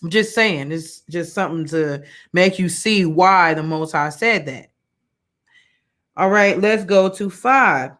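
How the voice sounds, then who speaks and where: A woman's voice: fairly low pitch, slow, fairly bright tone. Woman preaching in a loose, rambling way. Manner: conversational, many fillers and restarts, colloquial. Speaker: women's Bible study teacher. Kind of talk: informal sermon with personal story.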